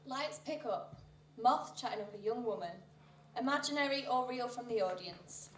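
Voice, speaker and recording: A woman's voice: a little high, expressive, moderate pace, a little hiss or hum, natural voice. A young woman acting a student who reads out stage directions in a matter-of-fact way. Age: young adult. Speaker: student actor. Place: theatre stage. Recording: echoey, distant live theatre recording.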